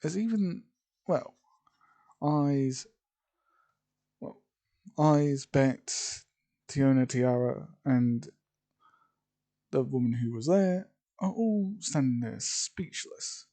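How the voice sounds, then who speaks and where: A man's voice: mid-range voice, animated, drawn-out words, long pauses, dark tone. A man narrating an improvised fan story, rambling with frequent fillers and restarts. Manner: rambling, full of "sort of" and "well".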